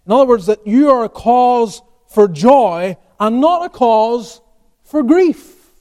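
High-voiced man preaching a sermon. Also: animated, slow. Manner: preaches with rhetorical questions, rising emphatically then dropping quiet. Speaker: pastor.

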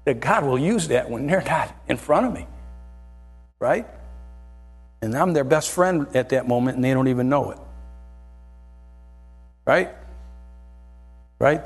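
Husky, animated preacher man. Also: fairly high pitch. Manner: animated, keeps asking "right?". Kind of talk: sermon.

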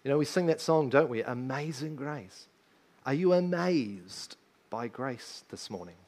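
A man's voice: mid-range voice, lively intonation, measured pace, darkish tone. A man preaching a sermon in church, emphatic and full of rhetorical questions to the congregation. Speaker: pastor.

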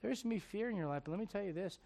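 A man in his forties preaching a sermon. He moves from loud urging to quiet confiding. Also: high-pitched, expressive, racing, vocal fry. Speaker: pastor.

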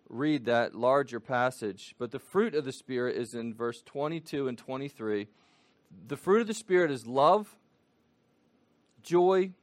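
A man teaching a catechism lesson to families, explaining patiently and slowing down for the children. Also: mid-range voice, no echo.

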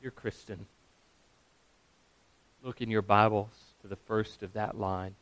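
A pastor giving a sermon, earnest and steady, sometimes acting out quoted voices. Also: male voice, lowish voice, measured pace, no room sound.

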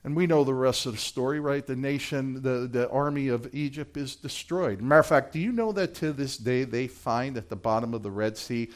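A man's voice: medium pitch, moderate pace, few pauses. A man preaching a sermon as pastor, retelling scripture in a dramatic way and acting out the voices of its people. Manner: dramatic, acts out biblical voices.

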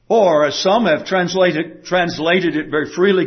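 Male preacher, high-pitched and animated, emphatic delivery, muffled recording. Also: normal speed. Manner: emphatic, dramatic quoting with wide swings of pitch. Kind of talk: sermon. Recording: dull lo-fi recording.

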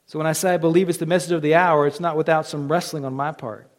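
A male pastor preaching a sermon, moving from quiet, almost whispered lines to loud, fervent appeals. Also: a little high, fairly even intonation, fast. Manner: builds from quiet to impassioned near-shouting.

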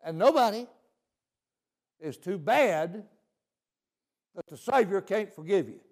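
Man, preacher, sermon, high voice, unhurried. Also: animated, darkish tone. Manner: folksy, repeats "See?" often.

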